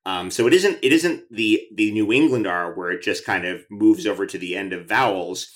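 A man's voice: lowish voice, moderate pace. A man hosting an interview podcast, chatty and enthusiastic, with many restarts as he asks questions. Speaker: podcast host. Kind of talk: conversational interview.

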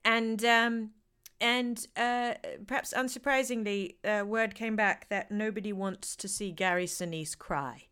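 A British actress telling candid, wry stories as a guest in a conversational interview. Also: female voice, medium pitch, fairly even intonation, measured pace, fairly bright tone, smooth.

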